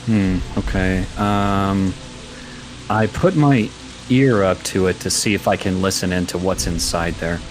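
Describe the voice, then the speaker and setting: A man's voice: low voice, unhurried, over music. A man playing a tabletop game, chatting casually and thinking aloud about his moves. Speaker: player.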